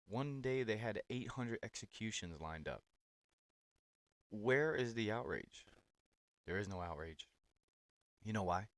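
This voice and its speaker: A man's voice: on the low side, no room sound. A man hosting political reaction commentary on clips, talking in a blunt, sarcastic and profane way.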